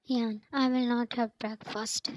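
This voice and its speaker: A woman reading the lines of a stubborn, tender-hearted young heroine in a storybook, in a flat, even way. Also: a little high, slow pace, low-quality recording. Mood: upset.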